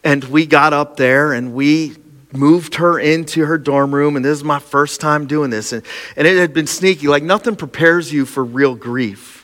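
A middle-aged man preaching a sermon, telling a personal story with lively, self-mocking energy. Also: fairly high pitch, normal speed. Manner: personal storytelling, animated, laughing at himself. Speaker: pastor. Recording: long hall reverb.

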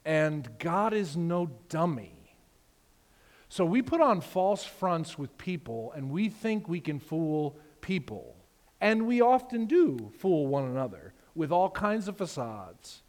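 A male pastor preaching a sermon, telling the story with animated, conversational energy and acted-out voices. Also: high-pitched. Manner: animated storytelling, acts out characters. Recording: long reverb of a large hall.

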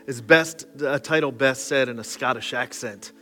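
A man's voice: mid-range voice, normal speed, bright, forceful tone, faint music behind. A man preaching a sermon in a church, opening with a prayer and talking in a casual, conversational way with self-deprecating asides. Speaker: pastor. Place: church sanctuary. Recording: long church-hall reverb.

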